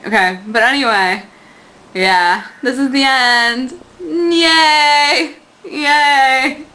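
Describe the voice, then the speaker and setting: A woman's voice: on the high side, takes it slowly, pushed and bright, low-quality recording. A woman rambling to the camera in a casual vlog, gushing and giggly, and acting out quoted lines in bouncy voices. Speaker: vlogger.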